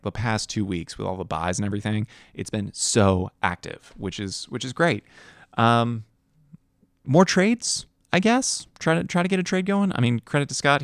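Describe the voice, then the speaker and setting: Weary young male podcast host, low gravelly voice, dry close sound, talks in loose restarts. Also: dry recording. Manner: rambling, self-correcting, yawning and tired. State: tired. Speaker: fantasy football league podcast host. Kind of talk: casual solo podcast commentary.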